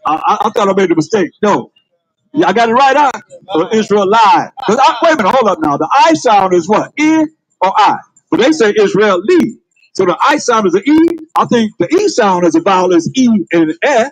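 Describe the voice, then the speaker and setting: A man's voice: sits high, sing-song, fairly quick, no echo, poor audio. A man preaching on the street, calling out to passers-by with emphatic, laughing delivery. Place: outdoors on a street.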